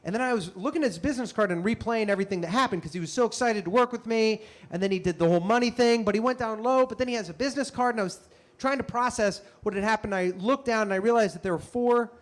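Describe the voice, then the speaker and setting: A young man telling a comic story on stage, animated and self-mocking with quick asides. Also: sits high. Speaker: comedian and storyteller. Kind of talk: live stand-up storytelling.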